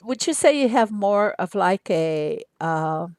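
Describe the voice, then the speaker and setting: An older woman from Arkansas, chatting casually with viewers on her game livestream in an unhurried way with lots of fillers. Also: medium pitch, expressive, darkish tone, no echo, clean studio sound. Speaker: game streamer.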